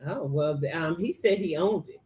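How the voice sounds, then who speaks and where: A woman's voice: sits low, expressive, normal speed, mellow. A woman co-host chiming in during a casual chat with matter-of-fact remarks.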